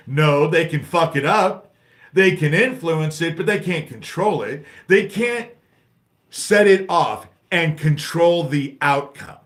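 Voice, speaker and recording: This American livestream host has a slightly high, bit bright voice and speaks a little slowly but animatedly. Agitated and swearing heavily, he rants angrily, jumps between subjects, and reads the chat aloud.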